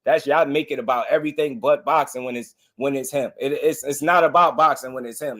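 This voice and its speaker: A man's voice: mid-range voice, brisk, hardly any pauses, a bit bright. A man hosting a boxing livestream, delivering a heated, impassioned rant to his viewers and hammering the same points again and again. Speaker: boxing channel host.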